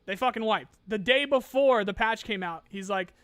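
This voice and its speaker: A man's voice: high-pitched, moderate pace, fairly bright tone, smooth, no room sound, soft background music. A young adult man hosting a gaming podcast in casual chat, ranting with lots of swearing and restarts.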